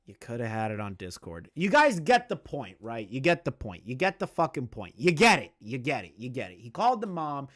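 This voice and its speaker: A man's voice: medium pitch, fairly bright tone. A man talks on a live stream with an angry, emphatic edge. He curses freely and repeats himself to drive his points home. He reads messages aloud, then tears into them. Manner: heated, profane and repetitive, hammering points home. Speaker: streamer commenting on online drama.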